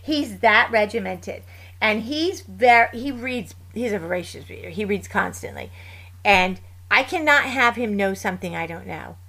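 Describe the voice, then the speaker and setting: A woman in her fifties, a guest in a casual chat, telling lively stories and acting out family voices with laughs. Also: medium pitch, normal speed.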